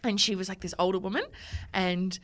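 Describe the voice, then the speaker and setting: A woman guest on a podcast, telling a story in a casual, animated way and laughing often. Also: medium pitch, brisk.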